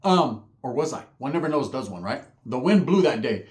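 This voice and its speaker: Animated streetwise man telling a story. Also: mid-range voice, a little fast, echoey room. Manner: animated, streetwise slang, lots of cursing, frequent "right?". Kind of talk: casual storytelling with acted quotes.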